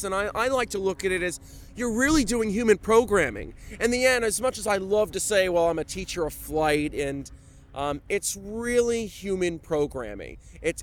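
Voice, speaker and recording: A man, a flight instructor, talking chattily and with animation in an interview. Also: high voice. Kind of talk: enthusiastic interview talk.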